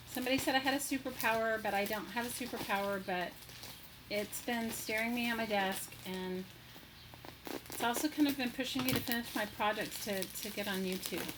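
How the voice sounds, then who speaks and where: Over some background noise, a fairly high-pitched woman runs a relaxed craft livestream. She's chatty and delighted, gushing as she welcomes viewers by name.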